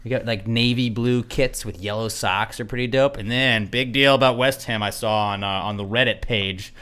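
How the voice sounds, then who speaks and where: A man's voice: mid-range voice, steady tone, moderate pace, pushed and bright, clear, resonant tone. A young man co-hosting a podcast, talking loosely and profanely with lots of fillers. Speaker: podcast co-host. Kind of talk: casual chat.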